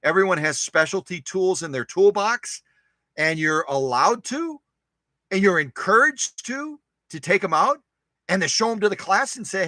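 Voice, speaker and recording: A sewing machine live-stream host talks at a normal speed in a voice that sits high, with no echo in the recording. He keeps things casual and animated, exclaiming and joking with the people watching.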